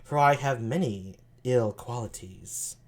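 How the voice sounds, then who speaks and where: A man doing a sultry slow gentlewoman. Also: mid-range voice, voice pushed down.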